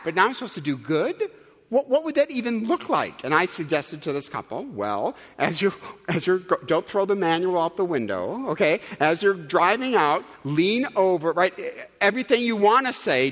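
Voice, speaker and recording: A man's voice: high voice, bright, forceful tone. A man preaching a sermon with humor and asides to the congregation. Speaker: pastor. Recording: long hall reverb.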